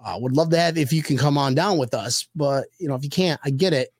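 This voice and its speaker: A man hosting a casual online show, excitable and full of boastful banter. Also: on the high side, fast talker, no room sound, studio quality. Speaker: host. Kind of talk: casual chat. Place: Miami area.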